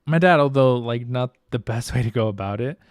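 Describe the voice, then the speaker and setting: A man's voice: medium pitch, fairly quick, clean tone, no room sound, clean studio sound. A man hosting a live podcast, talking candidly and reflectively in casual chat, swearing freely. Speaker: podcast host.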